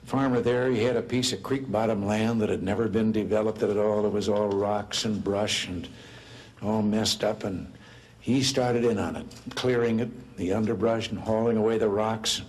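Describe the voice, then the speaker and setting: A man's voice: lowish voice, steady tone, normal speed, darkish tone. Older man telling folksy jokes. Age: 70s. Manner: folksy anecdotal storytelling, lifts voice for quoted characters. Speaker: politician giving speeches. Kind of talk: humorous speech, telling jokes.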